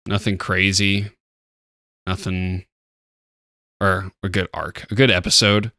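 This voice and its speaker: A sleepy man with a lowish voice co-hosts a laid-back chat, pausing often on fillers. His tone is bright and forward. It is recorded dry and close. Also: fairly even intonation, no room sound. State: sleepy, yawning. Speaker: podcast co-host. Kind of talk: casual chat reviewing an episode.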